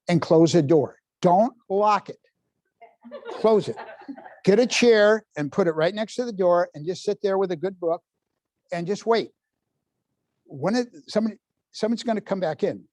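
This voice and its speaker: A man's voice: sits high, expressive, moderate pace, pauses often, a little mellow, dry recording. A man in his seventies leading a live parenting workshop in a library room, quizzing the audience with folksy asides. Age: 70s. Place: public library meeting room.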